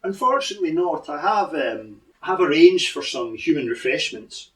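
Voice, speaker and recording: A woman's voice: low-pitched, sing-song, normal speed, recorded from a distance. A man playing a scheming noblewoman host. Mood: courteous.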